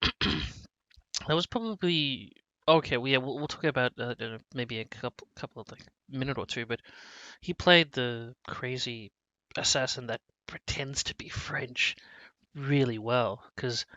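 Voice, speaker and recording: A man's voice: mid-range voice, measured pace, bright, forceful tone, no echo, lo-fi sound. A man co-hosting a casual movie review chat, rambling with many restarts and fillers. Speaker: podcast co-host.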